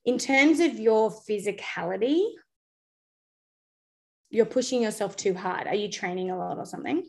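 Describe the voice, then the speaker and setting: A woman reads for someone in a loose, chatty way. She often says what "they're saying" and rambles through her advice at an ordinary middle pitch. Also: normal speed, vocal fry. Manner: chatty, warm-voiced, relays messages with "they're saying". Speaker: psychic reader. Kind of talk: casual spiritual reading.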